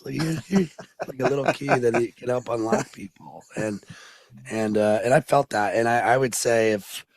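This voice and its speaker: A man's voice: medium pitch, moderate pace, no room sound. A man hosting an interview podcast, asking rambling questions with a casual, chatty manner and frequent laughter. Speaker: podcast host.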